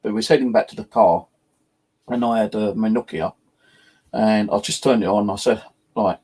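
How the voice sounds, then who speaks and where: A man's voice: on the low side, steady tone, normal speed, pauses often, darkish tone, slightly rough. A man, hosting his own channel and rambling through ghost stories in casual chat, swearing freely and filling with "you know" and "like". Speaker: channel host.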